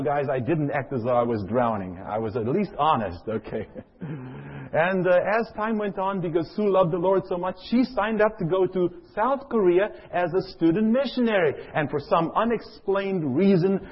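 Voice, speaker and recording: A man's voice: fairly high pitch, slightly rough, lo-fi sound. A middle-aged man from Africa, preaching a sermon and telling a personal story, often putting questions to the audience. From South Africa.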